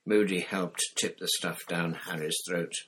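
Deep, low-pitched man reading a novel aloud, measured and steady. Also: a little hiss or hum. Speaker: audiobook narrator. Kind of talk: scripted narration.

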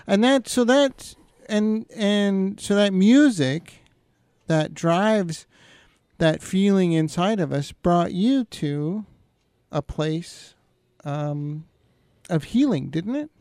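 A man's voice: sits high, slow pace, smooth, dry recording. A man hosting an interview, speaking in a hesitant, conversational way with many fillers. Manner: warm hesitant phrasing with fillers like "you know". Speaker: interviewer host.

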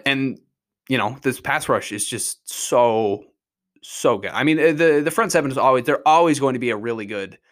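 A man talks through last weekend's football in a casual, unscripted way. He tumbles over his own sentences and doubles back whenever a play excites him. His voice sits in an ordinary middle pitch. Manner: rambling, restarts often, excitable about plays. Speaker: podcast host. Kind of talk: casual sports analysis.

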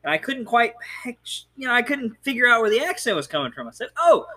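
Casting: male co-host, high bright voice, playful teaser. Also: sing-song. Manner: teasing, quick banter. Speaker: podcast co-host. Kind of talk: casual podcast banter.

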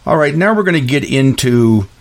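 A man hosts a solo podcast in an emphatic, ranting monologue. He often restarts his sentences. His voice sits at an ordinary middle pitch. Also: lively intonation, normal speed. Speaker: podcast host. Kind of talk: opinion monologue.

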